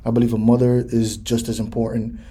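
A man's voice: medium pitch, little pitch movement, fairly quick, warm tone, husky. A man in his thirties hosting his own podcast, talking loosely and conversationally with lots of "you know" fillers. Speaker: podcast host. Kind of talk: casual solo podcast talk.

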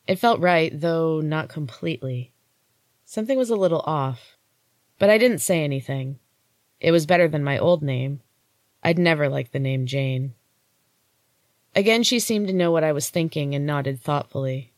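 A woman host reading a first-person story in a steady, unhurried way. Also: low voice, dry recording, clean studio sound. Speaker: podcast host and story reader.

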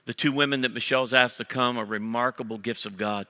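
A male pastor bursting with energy, joking with his congregation and tripping into quick restarts. His voice is bright and sharp, and it is carried on a stage mic into a big auditorium where a long reverb trails every phrase. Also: medium pitch, fairly even intonation. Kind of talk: sermon announcements. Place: large church auditorium. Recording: long church hall reverb.

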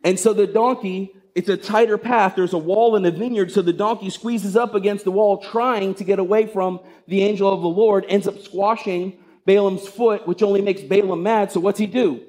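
A man's voice: high-pitched, fairly even intonation, moderate pace, few pauses, darkish tone. A male pastor giving a sermon, retelling a story in a conversational way with rhetorical questions.

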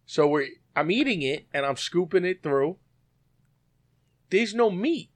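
A man's voice: high voice, measured pace. A man telling a heated story in casual chat, swearing freely and acting out what people said. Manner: animated storyteller, swears freely, acts out quotes.

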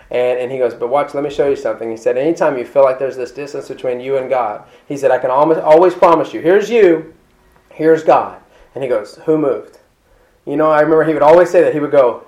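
A middle-aged man with a notably high-pitched voice preaches a sermon in a loose, conversational way. He drifts into asides and acts out short quoted exchanges as he speaks to his congregation. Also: a little mellow. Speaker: pastor. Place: church hall with congregation.

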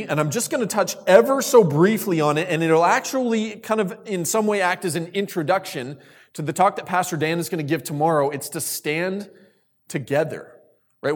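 A man preaches to a group of young people, his voice sitting a little high. He repeats key lines for weight and calls on listeners with questions. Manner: repeats key phrases for emphasis. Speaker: youth speaker. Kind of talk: sermon.

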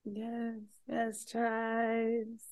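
A woman's voice: on the high side, completely flat delivery, very slow, darkish tone. Emphatic, laughing woman podcast co-host. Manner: laughs often, swears freely, emphatic. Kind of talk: casual podcast chat.

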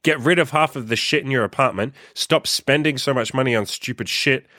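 A man's voice: mid-range voice, a little fast, bright, forceful tone, dry recording, clean studio sound. A young man hosting his own podcast, ranting bluntly and profanely as he scolds listeners. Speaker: podcast host and coach. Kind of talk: ranting solo podcast monologue.

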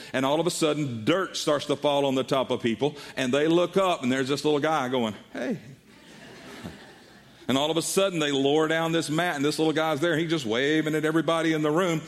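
A middle-aged man preaches as a pastor, retelling a story from the pulpit. He talks in an animated way and slips into the voices of the people he quotes. His delivery keeps the pace of spoken storytelling. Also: fairly high pitch. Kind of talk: sermon.

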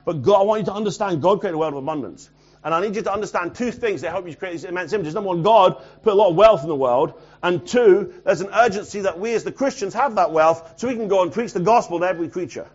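Preacher guy, voice a bit on the high side, goes from loud and urgent to almost muttering, dull lo-fi sound. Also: quick pace. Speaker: pastor. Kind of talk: sermon.

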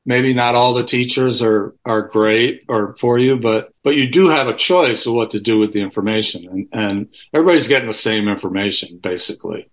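Fairly quick and with few pauses, his fairly low voice carries a frank, profanity-laden interview as a guest musician. He is on a remote call from home and rambles, restarting often in the candid conversation.

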